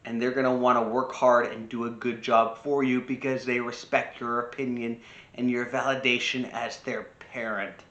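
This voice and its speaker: A man's voice: medium pitch, flat delivery, normal speed, a bit bright, echoey room, highs cut off. A man giving casual spoken advice on parenting, talking freely with restarts and acting out short quoted lines. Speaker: personal growth speaker.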